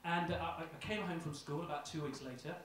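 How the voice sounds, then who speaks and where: A man's voice: fairly high pitch, steady tone, brisk, fairly bright tone, a little hiss or hum. Self-deprecating young man doing stand-up. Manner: self-deprecating, hesitant with ums. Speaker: stand-up comedian. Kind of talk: stand-up routine. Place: small comedy club. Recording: echoey club, distant mic, crowd.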